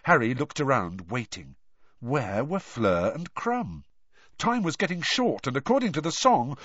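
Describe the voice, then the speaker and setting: A man reading a story aloud as audiobook narration, expressive and shifting in intensity. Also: medium pitch, husky, dry recording. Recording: dull lo-fi dry recording.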